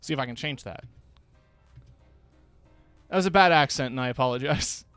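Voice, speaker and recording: A man streaming a game, chatting casually in a relaxed, offhand, joking way into a close mic. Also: medium pitch, normal speed, clean tone, no echo, faint music behind. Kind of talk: casual gameplay commentary.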